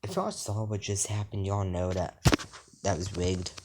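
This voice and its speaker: A man's voice: low voice, flat delivery, measured pace. A young man improvising a fan story while gaming, rambling with many fillers and restarts over a noisy home mic with mouse clicks.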